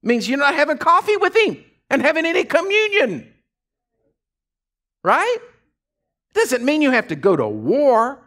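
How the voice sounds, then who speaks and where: A man preaching a folksy, animated sermon as pastor of a church. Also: very high-pitched, measured pace, pauses often. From Texas.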